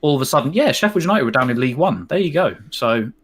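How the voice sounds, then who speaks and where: Animated man ranting on a stream. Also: mid-range voice, fast talker, slightly rough. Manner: animated, argumentative, mocking rants. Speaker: co-host of a football watch-along. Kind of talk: casual live stream chat.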